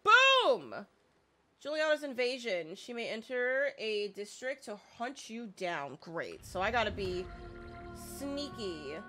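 A woman giving excitable let's play commentary, repeating herself and swearing playfully as she plays. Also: a little high, a little slow, faint music behind. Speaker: gaming streamer.

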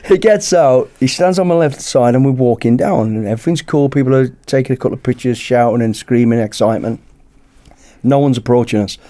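A British man, a podcast guest, telling a lively anecdote in casual chat and acting out the dialogue. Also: mid-range voice, fairly quick. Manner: lively anecdote-teller who acts out dialogue. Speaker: podcast guest, former bodyguard.

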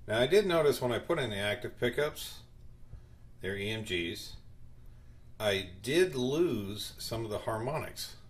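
A man hosting a home guitar tutorial, short of breath and speaking in slow, halting phrases with pauses. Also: fairly low pitch, animated.

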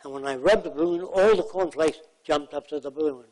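A plainspoken man gives a lecture full of anecdotes. His voice sits fairly high for a man. He acts out the people in his stories. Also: brisk, darkish tone, rough recording. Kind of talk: storytelling lecture.

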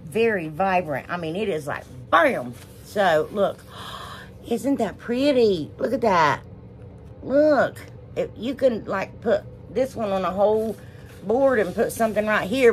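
Her mid-range voice moves at a moderate pace over a faint hiss or hum. The American host of a casual DIY crafts vlog rambles, gushes about what she's showing, and uses "y'all" often.

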